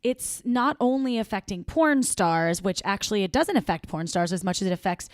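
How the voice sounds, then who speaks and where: A woman's voice: medium pitch, lively intonation, moderate pace, dry recording, clean studio sound. A woman co-hosting a casual podcast, chatty and playful, who jokes around with silly accents between topics. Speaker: podcast co-host.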